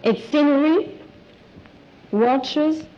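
A woman from Switzerland answers a quiz host in short, matter-of-fact replies. Her voice sits fairly high. It comes through a muffled old broadcast recording. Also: extremely slow, warm tone. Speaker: quiz show contestant.

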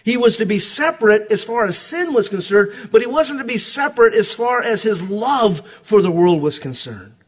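Husky preacher guy, high voice, goes from quiet and low to loud and ringing. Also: expressive, normal speed, few pauses. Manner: swings from hushed to ringing preaching. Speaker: pastor. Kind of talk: sermon.

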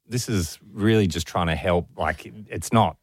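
A man's voice: low voice, measured pace, a little mellow, breathy edge, no echo. A man co-hosting a radio show, making wry, dry quips. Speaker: radio co-host. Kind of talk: casual radio banter. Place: radio studio.

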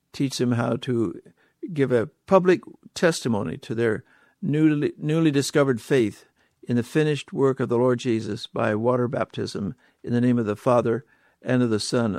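A man's voice: mid-range voice, a little mellow, no room sound. Emphatic male preacher, dry sound. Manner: emphatic, repeats key words, rhetorical questions to listeners. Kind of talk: sermon.

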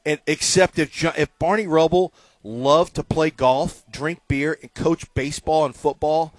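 Lively middle-aged man telling sports stories. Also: fairly high pitch, measured pace, no echo. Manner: animated storyteller, loud when quoting himself. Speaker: radio sports show host. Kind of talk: casual sports talk.

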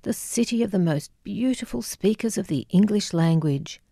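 A woman reading an audiobook memoir, voicing an older Scottish mother with a soft brogue who is tender but quick to turn curt. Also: mid-range voice, animated, vocal fry, dry recording, clean studio sound. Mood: wistful.

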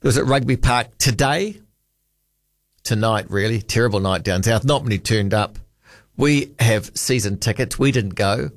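A man's voice: mid-range voice, normal speed, no room sound, clean studio sound. A man with a New Zealand accent hosting late-night talkback radio, rambling casually and reading listener texts aloud. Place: radio studio. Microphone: studio microphone.

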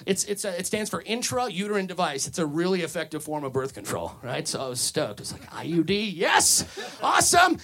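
A man delivering a stand-up set of one-liners in a dry, deadpan way. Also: fairly high pitch, brisk, few pauses. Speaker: stand-up comedian.

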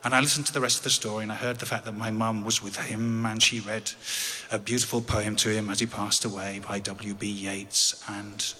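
An English man tells a personal story with wry, dry humor, and his voice sounds bright and forward. The recording carries a long reverb over faint ambient noise. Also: on the low side, flat delivery, a little fast, hardly any pauses. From England.

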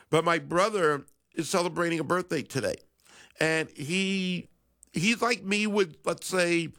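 A middle-aged man hosts a sports radio talk show, chatting in a casual, wry way and now and then correcting himself mid-sentence. His voice sits on the high side with a fairly bright tone.

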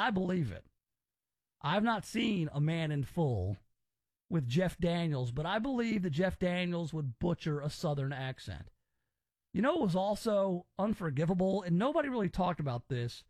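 A man's voice: high voice, dry recording, studio quality. A man from Memphis hosting a casual talk radio show, opinionated and rambling as he reacts to stories. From Memphis, Tennessee, US.

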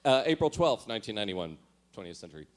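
A man's voice: fairly low pitch, sing-song, fast talker. A man giving a comic reading of his teenage diary. He mocks his own writing and laughs at himself as he goes. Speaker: storyteller.

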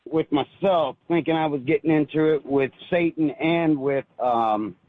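A man calling in to a radio show and telling a personal story in an earnest, halting way, with many restarts. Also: on the high side, dry recording. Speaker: caller. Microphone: phone. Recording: tinny phone line.

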